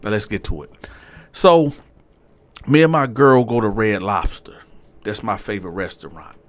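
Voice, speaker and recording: A man telling a story to his viewers in a casual, animated and profane way, with frequent asides to the audience. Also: on the low side, moderate pace. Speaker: storyteller, channel host.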